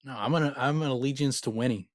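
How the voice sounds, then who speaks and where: A man's voice: medium pitch, fast talker, no room sound, clean studio sound. A man co-hosting a podcast, chatting casually and sarcastically about a book, swearing now and then. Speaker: podcast co-host. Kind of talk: casual book discussion chat.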